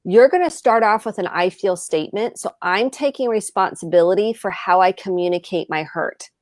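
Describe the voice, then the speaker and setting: A woman therapist co-hosting a live advice talk, explaining calmly and acting out example conversations. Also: medium pitch, moderate pace, no echo, clean studio sound. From United States. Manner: calm, explanatory, acts out example dialogue. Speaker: therapist co-host.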